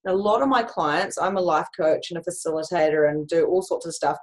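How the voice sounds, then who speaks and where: A woman life coach chatting on a video call, telling stories in an animated way with lots of fillers and restarts. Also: on the low side, a little fast, rough recording. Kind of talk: conversational video-call chat.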